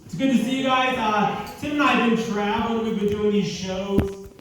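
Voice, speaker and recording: High-voiced comic in an echoey club. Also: male voice, fairly even intonation, moderate pace, background noise. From Ohio, USA. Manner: upbeat, chatty crowd work. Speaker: headlining comedian. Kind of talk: stand-up set opening. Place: comedy club. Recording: echoey club, far from the mic.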